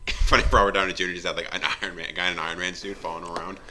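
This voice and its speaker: A young man co-hosting a casual movie commentary, making quick dry jokes. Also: deep voice, level tone, a crowd in the background. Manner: quick, dry, joking remarks.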